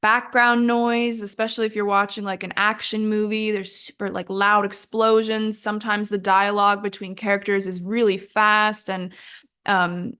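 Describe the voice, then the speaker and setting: A woman's voice: mid-range voice, little pitch movement, moderate pace, bright, forceful tone, clear, resonant tone. A young adult woman, an English teacher hosting a podcast, explaining patiently in a chatty, self-deprecating way. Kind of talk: casual podcast lesson.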